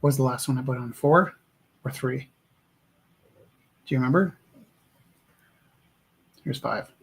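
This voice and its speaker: A man's voice: mid-range voice, measured pace, creaky, husky. A man chatting casually while making art on a live stream, musing aloud and poking fun at himself. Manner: musing, rambling, self-deprecating.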